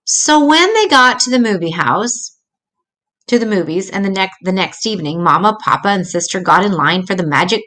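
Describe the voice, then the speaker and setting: With a mid-range voice at an ordinary pace, an elderly grandmother reads a picture book for children. She is gentle and expressive, stumbling slightly here and there.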